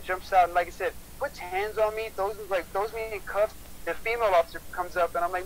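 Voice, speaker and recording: A man's voice: high-pitched, steady tone, poor audio. A man telling a heated story on a casual livestream chat, swearing often and repeating himself. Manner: profane, heated, fast-talking.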